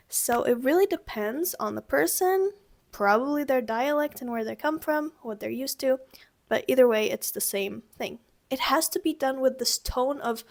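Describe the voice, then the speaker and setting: A woman's voice: high voice, normal speed. A young woman teaching everyday sounds in a casual video lesson, chatty and acting out each sound with exaggerated tones. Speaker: language teacher.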